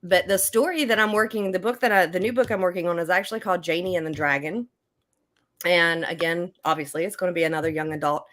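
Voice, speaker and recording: A woman's voice: fairly low pitch, fast talker, a bit bright. An older woman, an author guest on a podcast, talking casually with frequent laughs and fillers. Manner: chatty, laughs often, many fillers and restarts.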